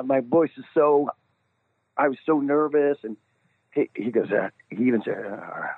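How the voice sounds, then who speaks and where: A man, a singer being interviewed, telling an animated story and laughing at himself. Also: mid-range voice, a little fast, slightly rough, no room sound. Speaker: guest singer. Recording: tinny phone line.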